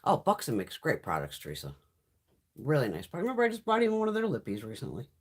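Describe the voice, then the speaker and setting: A woman's voice: a bass voice, huge pitch swings, quick pace, breathy edge. A woman hosting a casual beauty livestream, giving blunt, heavily profane opinions in a chatty, rambling way. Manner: chatty, rambling with frequent restarts. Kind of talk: casual livestream chat, reading viewer comments.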